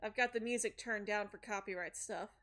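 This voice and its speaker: A woman's voice: medium pitch, steady tone, a little fast, pushed and bright. A woman streamer chatting casually with her viewers and laughing often. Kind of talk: casual live-stream commentary.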